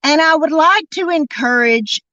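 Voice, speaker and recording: A woman hosting a true crime podcast, delivering an indignant, emphatic monologue and drawing out key words slowly. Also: high-pitched, animated, pushed and bright, dry recording, highs cut off. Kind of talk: angry commentary monologue.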